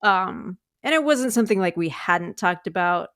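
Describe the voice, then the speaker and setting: Woman, 30s, co-host; animated, plays out quotes, dry close sound. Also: on the low side, normal speed, no echo. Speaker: podcast co-host. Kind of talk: casual chat.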